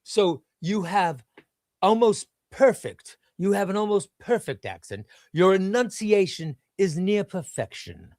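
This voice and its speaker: A man putting on a posh English accent to play a cultured, educated young man about town, speaking slowly and carefully. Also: high-pitched, animated, darkish tone, no room sound, studio quality, voice pushed up. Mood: haughty. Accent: posh English, put on.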